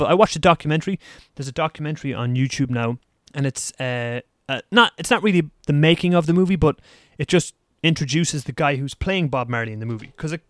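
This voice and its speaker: A man's voice: on the high side, no room sound, studio quality. Rambling man hosting a solo podcast. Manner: rambling, conversational, laughs at himself. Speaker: podcast host. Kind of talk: casual solo podcast talk. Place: lives in Taiwan.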